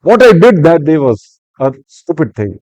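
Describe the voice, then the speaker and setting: An older man with an Indian English accent tells stories with a lively, swinging delivery that keeps rising and falling. He has a mellow, somewhat high voice. The sound is close and dry, with no room around it. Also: moderate pace, no echo, poor audio. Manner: animated, acts out angry quotes, lecturing. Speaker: retired civil servant guest. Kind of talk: storytelling in a podcast interview.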